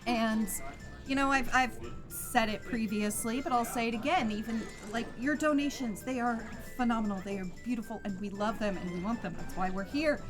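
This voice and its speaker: A woman's voice: fairly high pitch, normal speed. A woman from Iowa co-hosting a charity gaming stream, chatting easily and making a donation appeal. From Iowa, United States. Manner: easygoing, laughs often, earnest when appealing. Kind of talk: casual chat and charity appeal. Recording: music playing underneath.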